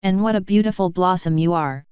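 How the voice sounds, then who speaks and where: A woman's voice: on the low side, fairly quick, smooth, no echo, close to an everyday voice. A woman voicing a sinister, fanged female pony doppelganger with a honeyed, taunting manner, on a dull, dry recording.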